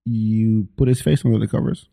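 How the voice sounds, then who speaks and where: A man's voice: fairly low pitch, fairly even intonation, fairly quick, gravelly, warm tone. A man hosting a podcast in casual chat, joking and swearing and laughing often. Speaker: podcast host.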